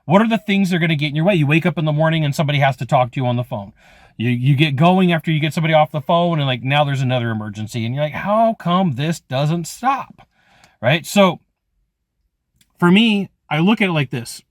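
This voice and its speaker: A man's voice: on the high side, animated, quick pace, no echo, clean studio sound. A man in his forties giving a casual, rambling motivational talk about sales, full of "like" and "okay". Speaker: sales trainer.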